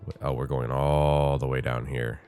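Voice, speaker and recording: A man with an extremely deep voice hosts a relaxed gameplay session, sounding congested as he rambles and thinks out loud. Faint game music plays quietly behind him. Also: normal speed, smooth. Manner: rambling, chatty, thinks aloud with many fillers. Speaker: gaming channel host. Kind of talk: casual gameplay commentary.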